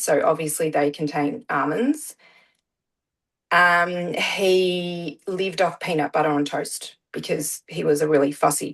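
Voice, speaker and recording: A woman's voice: sits low, poor audio. A middle-aged woman, telling her story as a guest in a casual interview, with many "um" fillers. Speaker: guest, parent.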